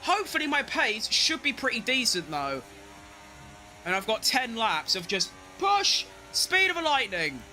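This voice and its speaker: Excitable high-voiced man gaming. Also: unhurried, faint music behind. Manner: excitable, talks to himself, shouts and chants while driving. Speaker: gaming streamer. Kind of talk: live racing game commentary.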